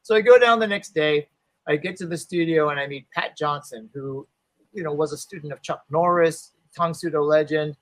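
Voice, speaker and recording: A man's voice: fairly high pitch, normal speed, poor audio. A man in his fifties, a martial arts instructor and actor, telling a story in a casual interview. He is loose and chatty, full of "you know", and acts out the people he quotes.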